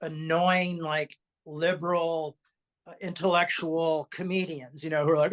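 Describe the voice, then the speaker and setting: Chatty animated podcast co-host. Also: mid-range voice, a little slow. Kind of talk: casual podcast chat.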